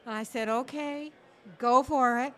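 A woman from Ontario, a guest on a podcast, speaks slowly and reflectively with a high voice. She recounts a personal story in a calm, conversational manner. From Ontario, Canada. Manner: slow, reflective. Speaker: guest, foundation co-founder. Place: sports bar studio.

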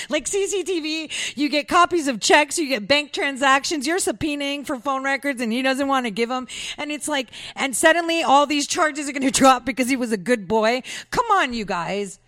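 Woman, talk show host, casual monologue, chatty and giggly, slightly high voice, dry close sound. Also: a bit bright, no echo. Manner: chatty, giggly, full of "like" and "you know".

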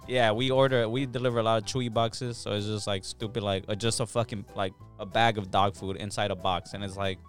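A man's voice: lowish voice, level tone, a little fast, few pauses, faint music behind. A man who works as a delivery driver, ranting in casual chat with coworkers and swearing a lot. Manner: profane, ranting.

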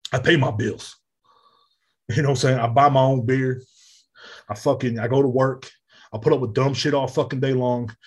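A man's voice: medium pitch, slightly rough. A man, hosting a podcast in a heated, profane solo rant. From Texas. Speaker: podcast host. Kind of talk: casual monologue.

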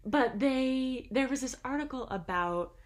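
A woman's voice: high-pitched, expressive, unhurried. A young woman co-hosting a podcast in casual chat, hedging often with "like" and "I don't know". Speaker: podcast co-host.

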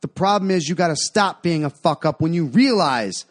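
Blunt high-voiced podcast co-host. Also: male voice, lively intonation, moderate pace. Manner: blunt, swears a lot, chuckles often. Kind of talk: casual podcast banter.

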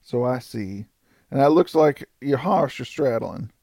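A man voicing a coarse, desperate male outlaw in an audiobook, with rough frontier dialect. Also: mid-range voice, lively intonation, measured pace, a little mellow, no room sound, clean studio sound. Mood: rueful.

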